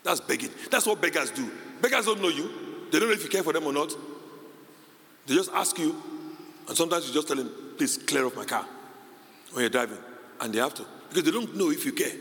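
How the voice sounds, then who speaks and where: A male pastor preaching a sermon, moving between quiet conversational asides and loud, high, shouted emphasis. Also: quick pace. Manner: animated preaching, swinging from low asides to high shouted peaks. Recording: reverberant hall with faint ambience.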